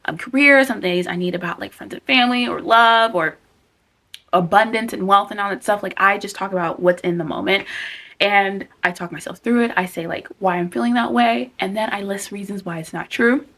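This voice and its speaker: Young adult woman, self-help vlogger. Earnest, candid, animated delivery. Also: mid-range voice, fairly quick. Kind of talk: casual self-help talk to camera.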